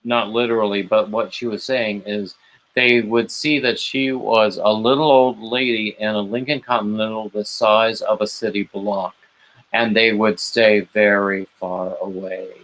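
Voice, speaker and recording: A man's voice: lowish voice, steady tone, a little slow, fairly bright tone, poor audio. A man hosting a late-night livestream, rambling on and greeting chat viewers by name with gushing, emotional asides. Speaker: livestream host.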